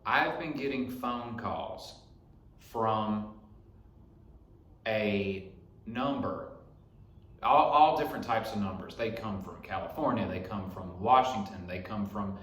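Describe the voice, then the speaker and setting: A man's voice: lowish voice, slow pace, long pauses, a bit bright. A young man hosting a podcast in his garage, rambling through a profane story in a casual monologue. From Alabama. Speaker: podcast host. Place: home garage. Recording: echoey garage.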